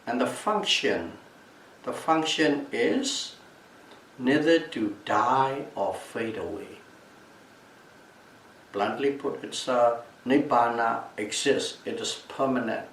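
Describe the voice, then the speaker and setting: A male meditation teacher giving a calm Buddhist Dhamma talk at a retreat, repeating and restating key terms as he explains them. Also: medium pitch, slow. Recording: echoey room, mic at a distance, faint background noise.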